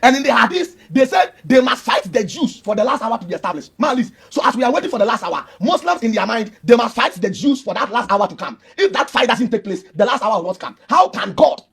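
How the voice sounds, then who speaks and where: A man's voice: extremely high pitch, sing-song, quick pace, gravelly, few pauses, fairly bright tone, slightly rough. A man, arguing emphatically and preachily in a heated religious debate and repeating his points. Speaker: Christian debater.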